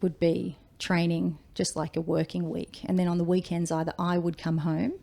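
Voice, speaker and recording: A woman's voice: fairly low pitch, level tone, normal speed, vocal fry, warm tone. A woman in her forties with an Australian accent, a firefighter telling her story in a casual interview, chatty and acting out quoted speech. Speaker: guest, firefighter.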